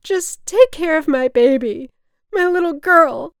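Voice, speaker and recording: A woman's voice: medium pitch, slow pace, darkish tone, no echo, clean studio sound. A woman voicing her drunk, distraught older mother, who slurs her words and shrieks. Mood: shrieking. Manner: slurred, shrieking, childlike.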